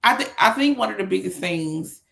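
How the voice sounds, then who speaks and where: A woman's voice: mid-range voice, expressive, a little fast, gravelly, fairly bright tone. A woman co-hosting a casual podcast, telling stories in a laid-back, colloquial way. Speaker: podcast co-host. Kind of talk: casual chat.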